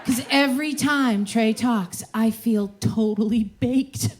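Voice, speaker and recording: A woman's voice: fairly high pitch, takes it slowly. A woman hosting a comedy showcase onstage, rambling and chatty, fond of acting out quotes. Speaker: comedy class instructor and show host. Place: theater stage. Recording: noisy live room recording. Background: audience crowd.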